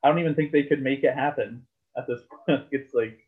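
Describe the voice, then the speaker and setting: A man's voice: medium pitch, brisk. A man, rambling about basketball in casual chat with lots of fillers and swearing. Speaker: podcast co-host. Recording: tinny phone-like sound.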